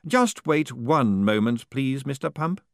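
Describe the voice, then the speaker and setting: A man's voice: mid-range voice, expressive, gravelly, no room sound, studio quality, pitched above the performer's own voice. A man doing a coolly menacing ruler. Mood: dry. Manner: measured, unhurried. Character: cool, dry male ruler, politely menacing.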